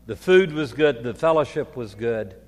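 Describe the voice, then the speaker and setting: An older man, preaching a folksy sermon as priest, moving from quiet reflection to loud storytelling. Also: mid-range voice, animated, moderate pace. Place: church. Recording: long reverb of a church hall.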